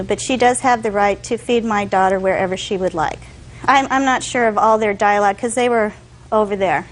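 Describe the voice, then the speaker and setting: Woman defendant, courtroom testimony, lively retelling with quoted voices, slightly high voice. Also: low-quality recording. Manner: animated storytelling, acting out others' words.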